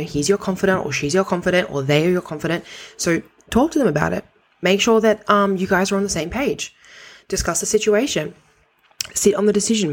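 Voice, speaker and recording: A woman's voice: fairly low pitch, slightly rough. A woman hosting a podcast, giving direct, practical coaching advice in a conversational way and swearing casually now and then. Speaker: podcast host.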